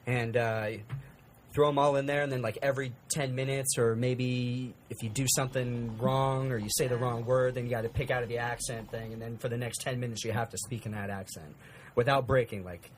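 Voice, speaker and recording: A man's voice: medium pitch, slight background noise. A man hosting a podcast in casual chat, rambling and joking, swearing freely. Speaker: podcast host.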